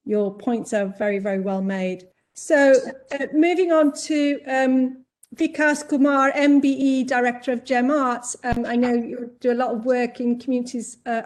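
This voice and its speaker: A woman chairing an online panel, gently introducing speakers with many pauses. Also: fairly high pitch.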